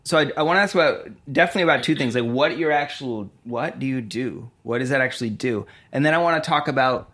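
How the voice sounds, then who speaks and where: A man hosting a casual interview, relaxed and thoughtful, often trailing off and restarting. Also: medium pitch, fast talker, few pauses. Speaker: host, interviewer.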